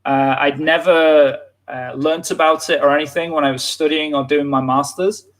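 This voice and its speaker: British male teacher in his thirties, fairly high voice, halting live-stream delivery, lots of ums. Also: steady tone. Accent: British English. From Britain. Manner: hesitant, many fillers and restarts. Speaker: English teacher, livestream host. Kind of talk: live online English lesson, casual.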